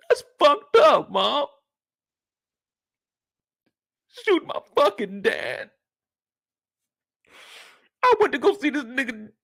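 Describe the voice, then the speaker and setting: A man acting out a furious teenage boy who yells at his mother in a high, strained voice with sobbing outbursts. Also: vocal fry, heavily acted.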